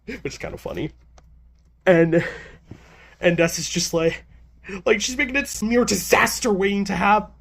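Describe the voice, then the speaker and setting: A man with a slightly higher voice talks through a manga chapter in a loose, chatty way. He stumbles and restarts often, sounding a little nervous. He keeps a lightly amused tone throughout. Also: normal speed, vocal fry, long pauses, fairly bright tone. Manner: nervous, stammering with many restarts. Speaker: manga reviewer. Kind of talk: casual chapter review.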